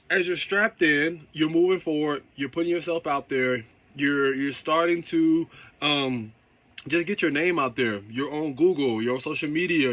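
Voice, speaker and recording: A man's voice: a little high, fairly bright tone, no echo. A man who runs a car detailing business, giving a casual motivational talk and often checking in with "okay?" and "right?".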